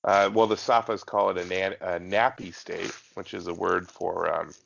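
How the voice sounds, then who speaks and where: A man with a very low, gravelly voice chatting casually as a podcast co-host, circling his point with fillers and false starts. The recording sounds a little dull and lo-fi. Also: steady tone, moderate pace, fairly bright tone. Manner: rambling, many fillers and restarts. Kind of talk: casual chat.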